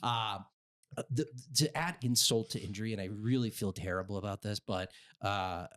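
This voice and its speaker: A man's voice: on the low side, normal speed, fairly bright tone. A young man from Utah co-hosting a podcast, telling a story in a rambling, profane way, full of fillers and voiced quotes. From Utah, USA. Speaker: podcast co-host. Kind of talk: casual storytelling chat.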